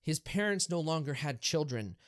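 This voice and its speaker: A man, a Catholic priest, talking in a casual podcast discussion, explaining things in a lively way and asking rhetorical questions. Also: fairly high pitch, moderate pace, no room sound, clean studio sound. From Erie, Pennsylvania, US.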